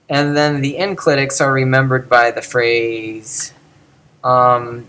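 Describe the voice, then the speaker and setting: A man's voice: medium pitch, takes it slowly, sharp tone, smooth. A man giving an informal video lecture on Ancient Greek, thinking aloud and demonstrating pronunciations.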